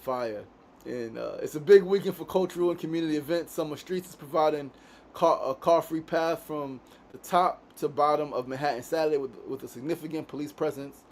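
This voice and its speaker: A podcast host from Queens, New York, runs a casual daily show from a studio, speaking briskly in a voice on the high side. He's laid-back, swears freely, and keeps ending sentences with "right?" There's slight background noise.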